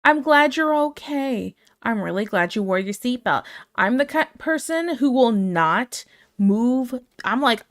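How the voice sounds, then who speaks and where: A woman's voice: fairly high pitch, animated, unhurried. A woman streaming casually, chatting and laughing as she reads out her chat.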